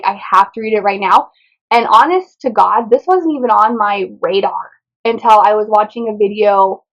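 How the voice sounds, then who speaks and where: Chatty bubbly woman, slightly muffled. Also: mid-range voice. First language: Spanish. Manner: bubbly, chatty, says "y'all" and "like" a lot. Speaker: booktube host. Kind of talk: casual book haul chat.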